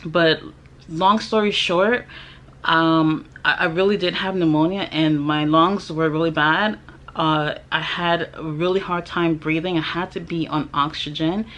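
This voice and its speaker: A woman's voice: deep voice, fairly even intonation, a little slow, a bit bright. Young woman vlogger, candid storyteller, blunt and indignant, swears freely. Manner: chatty, with many fillers and restarts. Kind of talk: personal storytelling to camera.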